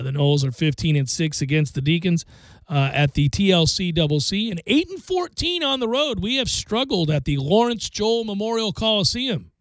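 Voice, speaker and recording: A man's voice: on the high side, no echo. A man hosting a sports radio show in a studio, chatting casually with wry, offhand asides. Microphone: studio microphone.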